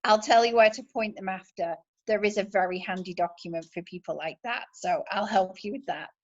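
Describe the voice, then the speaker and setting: A woman's voice: mid-range voice, a little fast, highs cut off. A woman with a British accent giving an enthusiastic, chatty motivational talk as a sales team leader. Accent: British English.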